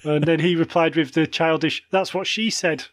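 A man's voice: a little high, steady tone, moderate pace, dry recording. A British man in his thirties co-hosting a podcast, chatting casually with blunt, crude humour. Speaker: podcast co-host. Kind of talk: casual chat.

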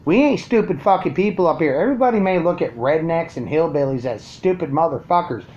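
A man's voice: a little high, animated, fairly quick, darkish tone, highs cut off. A man ranting crudely and sarcastically to his viewers from his home. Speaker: vlogger. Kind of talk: profane ranting monologue.

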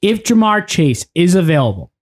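A man's voice: sits high, sing-song, moderate pace. Man hosting a casual sports podcast. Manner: steers the talk from topic to topic, with frequent "uh" fillers. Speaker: podcast host.

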